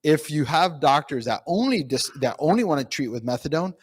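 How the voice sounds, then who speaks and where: A man speaking as a pain physician at a conference, telling patient stories in an animated way with many fillers and restarts. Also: a little high, a little fast, breathy edge, no echo. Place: conference room.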